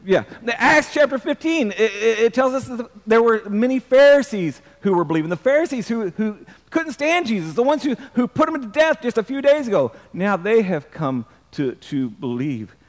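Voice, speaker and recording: A pastor delivers an emphatic sermon, often repeating words and calling on the congregation to answer back. His voice sits high for a man. The sound rings with the long reverb of a church hall. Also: big pitch swings, normal speed, hardly any pauses.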